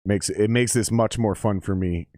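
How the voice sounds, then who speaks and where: A man's voice: on the low side, steady tone, moderate pace, darkish tone, dry recording, studio quality. A man in his forties giving casual, profane live-stream commentary on a football game and chatting with his viewers.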